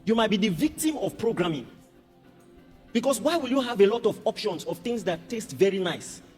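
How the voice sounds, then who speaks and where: A man preaching a sermon as a pastor, animated and humorous. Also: high voice, normal speed. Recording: reverberant hall with music behind.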